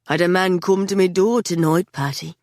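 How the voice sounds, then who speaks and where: Brief: female narrator as a dull, gruff constable, low and blunt. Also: steady tone, moderate pace, darkish tone, dry recording, studio quality, lightly acted. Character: gruff, dim-witted male police officer.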